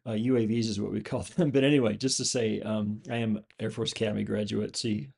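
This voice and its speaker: Gravelly-voiced man explaining things casually. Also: fairly low pitch, flat delivery, fairly quick, darkish tone. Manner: rambling, many fillers and restarts. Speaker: channel host, former pilot and flight instructor. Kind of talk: casual explanation over a screen display.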